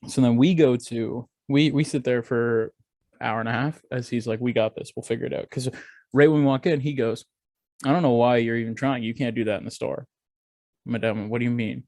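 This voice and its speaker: Animated, swearing young man telling a story. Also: mid-range voice, a little fast, dry recording. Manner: animated, profane, acts out quoted voices. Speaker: podcast co-host. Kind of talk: casual storytelling chat.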